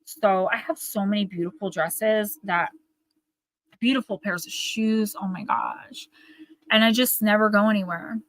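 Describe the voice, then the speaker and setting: A woman's voice: medium pitch, fairly even intonation, a little slow, fairly bright tone, no echo. A woman with a Northern New Jersey accent, chatting and rambling to her viewers as she hosts a live oracle card reading.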